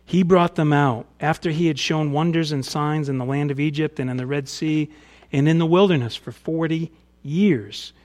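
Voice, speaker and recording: Man preaching a casual, lively sermon. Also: a little high, normal speed. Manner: conversational preaching, varies loudness, slips into casual paraphrase. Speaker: pastor.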